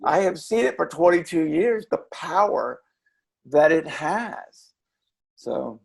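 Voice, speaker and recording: Male guest, reflective storyteller, a bit high, gravelly, earnest and halting. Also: animated. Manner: earnest, halting with repeated restarts. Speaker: interview guest, former children's character performer.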